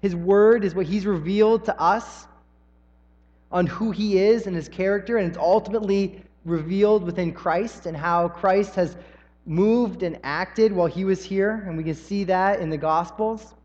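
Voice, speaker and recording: A man's voice: sits high, moderate pace, darkish tone. A young man from the American South giving a folksy, storytelling sermon with frequent ums. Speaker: preacher. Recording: dull sound in a reverberant hall.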